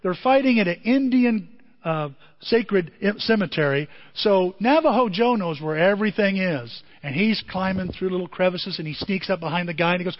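A man preaching a sermon as pastor, telling a story with animated delivery and bursts of shouting. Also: high-pitched, normal speed. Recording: dull lo-fi audio in a reverberant hall.

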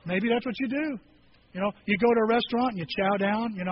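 A man preaching a sermon in a casual, animated way, acting out scripture scenes in quoted voices. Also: high voice, fast talker. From rural farm upbringing. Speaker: pastor. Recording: slightly dull recording with faint noise.

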